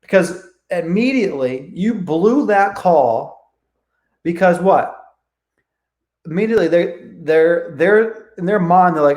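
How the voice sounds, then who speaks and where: A man's voice: high voice, expressive, unhurried, roomy sound. A man coaching a live online training who talks energetically, swears freely and acts out both sides of phone calls. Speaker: real estate coach.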